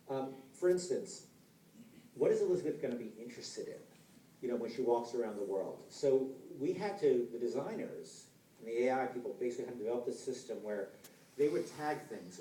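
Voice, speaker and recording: A man speaking at a conference in a relaxed, conversational way, with lots of fillers and restarts. His voice is warm and mellow, and it carries through a reverberant hall. He sounds a fair way from the mic, with faint background noise. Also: mid-range voice. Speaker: game designer giving a conference talk. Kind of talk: conference talk. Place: large lecture hall. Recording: echoey hall, heard from a distance.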